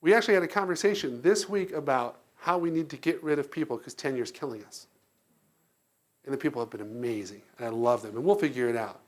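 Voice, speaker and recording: A man giving a lively keynote speech to an audience, telling stories, acting out voices and laughing often. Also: mid-range voice, fast. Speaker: keynote speaker. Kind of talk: live storytelling speech.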